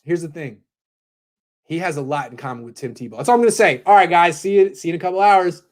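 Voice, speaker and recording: A man hosting a casual live sports talk show, brisk, opinionated and jokey. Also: on the high side.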